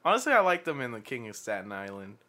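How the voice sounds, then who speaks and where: A man's voice: mid-range voice, sing-song, quick pace, bright, forceful tone. A man in casual podcast chat, joking along and swearing.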